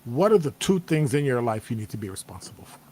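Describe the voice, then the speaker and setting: Midwestern man, casual motivational talk, animated and playful, acts out reactions. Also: medium pitch, quick pace. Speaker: host. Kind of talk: casual motivational talk to a live-stream audience. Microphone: streaming setup microphone.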